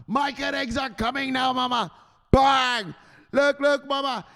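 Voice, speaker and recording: Man doing a yelling basement son, high pitch, frantic shouting, echoey room. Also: steady tone, a little slow, creaky, exaggerated voice. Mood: frantic bragging. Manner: shouting, repeating "look, look". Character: excited grown man yelling at his mama from downstairs.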